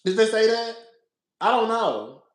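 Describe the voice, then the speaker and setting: A man's voice: high voice, very animated, measured pace. Sassy laughing man in an echoey room. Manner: sassy, laughs a lot, repeats himself, calls listeners "girl". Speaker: podcast host. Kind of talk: casual reality TV commentary.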